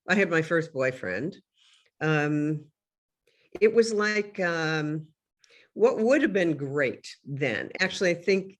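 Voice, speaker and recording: A woman guest in an interview, answering in a reflective, hesitant way with frequent pauses. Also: sits low.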